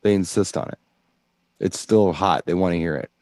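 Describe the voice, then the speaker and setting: A man's voice: low-pitched, normal speed, a little mellow, no room sound. A man co-hosting a DJ show in casual chat, explaining things at length with enthusiasm. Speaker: DJ co-host.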